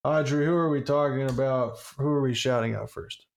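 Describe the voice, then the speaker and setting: A man's voice: medium pitch, fairly even intonation, a little fast, noisy background. A man co-hosting a podcast, casually plugging a show and running announcements with jokes. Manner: jokey, hyping plugs and announcements. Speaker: podcast co-host.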